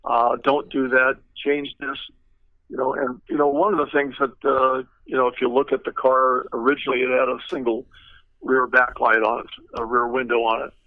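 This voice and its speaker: A man's voice: medium pitch, a little fast, no room sound. An older man, a retired car designer, telling stories in a rambling way with many fillers and restarts. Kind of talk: anecdotal storytelling. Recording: tinny phone-like line, dry.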